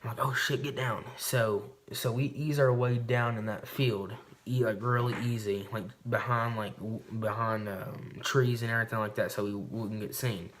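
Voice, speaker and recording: A man's voice: on the low side, steady tone, normal speed, hardly any pauses, a little hiss or hum. A man vlogging to camera, telling a hunting story in a rambling, swearing, casual way. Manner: rambling and profane, recounting a hunt.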